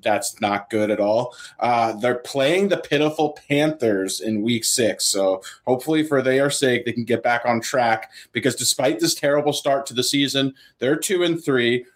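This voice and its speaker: A man analyzing a pro football team's season in a steady, stat-driven way. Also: medium pitch. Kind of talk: sports betting analysis.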